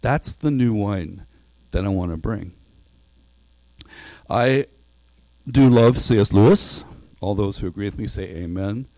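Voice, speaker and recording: Dark-voiced man preaching a sermon. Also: lowish voice, unhurried, long pauses, no echo. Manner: earnest, reads a storybook passage aloud with voiced parts.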